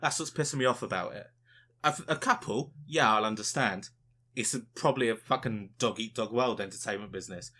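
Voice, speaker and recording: A man's voice: fairly low pitch, fairly quick, bright, forceful tone. A man co-hosting a casual podcast, ranting with lots of swearing and mocking quotes of other people. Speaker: podcast co-host.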